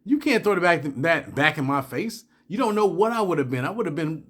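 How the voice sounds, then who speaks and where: A man voicing an indignant older starship admiral, blunt, scolding and slangy, a bit above his own pitch. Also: expressive, brisk, fairly bright tone.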